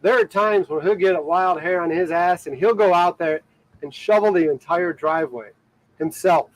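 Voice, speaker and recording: A man's voice: sits high, normal speed, no echo, low-quality recording. A man from Ohio chatting casually to viewers of his live stream from a boat out on the water. He rambles, leans on "like" and fillers, and laughs often. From Ohio, USA. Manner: rambling, filler-heavy talk with many "like"s and frequent laughter. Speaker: livestreaming boat vlogger.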